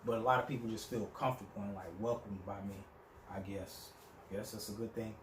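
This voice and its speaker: A man's voice: on the low side, fairly even intonation, quick pace, roomy sound, a little hiss or hum. A young man telling a story in a casual, profane monologue, acting out the people he quotes. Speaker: vlogger.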